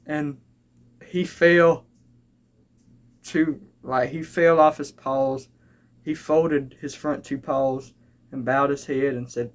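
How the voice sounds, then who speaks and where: A young man telling comic stand-up stories, rambling and halting with frequent restarts. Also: medium pitch, steady tone. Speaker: stand-up comedian. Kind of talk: stand-up comedy storytelling. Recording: live crowd laughter and noise. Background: audience laughing.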